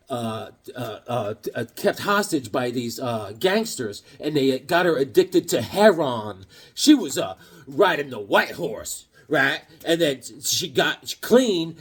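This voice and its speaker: Animated high-voiced jokey man. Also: husky. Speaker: comic book collector showing his haul. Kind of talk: casual chat.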